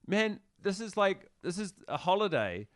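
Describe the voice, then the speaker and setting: A man's voice: high voice, sing-song, moderate pace, a bit bright, no echo, studio quality. A man in casual podcast chat, wry and profane as he riffs on travel and everyday life.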